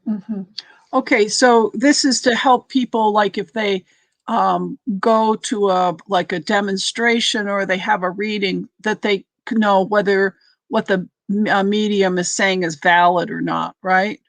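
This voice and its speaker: A woman guest on a live online chat, recorded dry over a video call. She answers with short affirmations and asks clarifying questions, in a voice of middle pitch. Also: steady tone, measured pace, no room sound. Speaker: guest, spiritual medium and author.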